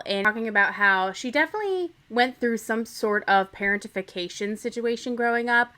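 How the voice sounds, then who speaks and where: Bright, chatty young woman recapping TV. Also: a little high. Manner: chatty, opinionated, playfully dramatic. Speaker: podcast host. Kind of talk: casual TV recap.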